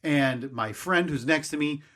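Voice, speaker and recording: A man in his thirties trades stories on a casual podcast, drifting and self-mocking as he talks. His voice sits a little high for a man. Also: measured pace, fairly bright tone. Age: 30s. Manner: rambling, self-mocking storyteller. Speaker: podcast co-host. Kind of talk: casual chat, storytelling.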